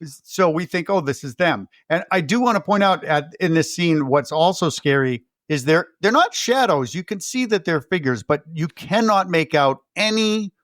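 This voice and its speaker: A man's voice: on the high side, lively intonation, normal speed, hardly any pauses, a bit bright, dry recording, clean studio sound. A man co-hosting a podcast, giving casual movie commentary in a teasing, bantering way. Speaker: podcast co-host.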